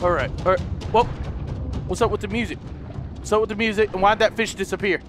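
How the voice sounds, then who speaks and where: A man doing let's play commentary, excitable and swearing, talking to his viewers and shouting at the game. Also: high voice, fast, soft background music. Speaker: gaming video host. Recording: game sounds loud behind the voice.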